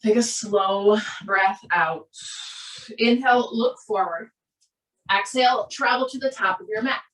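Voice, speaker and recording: A woman with a Minnesota accent, a yoga instructor giving calm, steady, breath-paced cues through a class. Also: mid-range voice, measured pace. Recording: roomy echo, voice from a distance.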